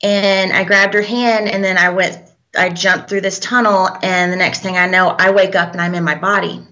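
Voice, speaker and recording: A young woman, a guest in an interview, telling a personal story in a halting, hesitant way with many fillers. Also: mid-range voice, flat delivery, pushed and bright. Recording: dull lo-fi recording.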